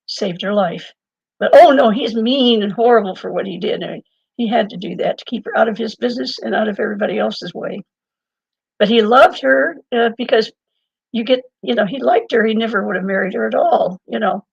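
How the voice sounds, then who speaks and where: An older woman speaking as an interview guest, her voice gravelly and a little husky. She rambles from one thread to the next and keeps laughing as she talks. The recording is dull and dry, with no room sound. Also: a little high, a little fast, no echo. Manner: rambling, digressive, laughs often. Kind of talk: conversational storytelling.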